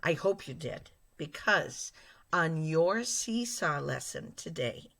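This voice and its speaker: A low-pitched woman leads a lesson for young children. She speaks at an unhurried pace, explaining each idea with patience and addressing the class directly. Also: lively intonation, creaky, fairly bright tone. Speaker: teacher.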